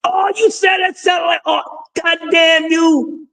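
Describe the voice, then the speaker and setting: A raspy-voiced man hosting a casual livestream, talking in a high register. He is loud and animated, shouting often as he riffs at his audience. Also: takes it slowly. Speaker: livestream host.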